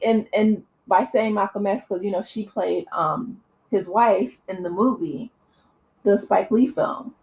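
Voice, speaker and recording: A woman's voice: mid-range voice, darkish tone, low-quality recording. A woman vlogger giving impassioned, earnest opinion commentary, with many fillers and restarts.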